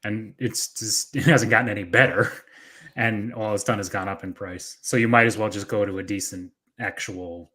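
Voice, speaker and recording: A man's voice: on the low side, steady tone, normal speed, bright, forceful tone, husky. A man, a podcast co-host chatting casually and dropping dry, sardonic quips. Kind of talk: casual chat.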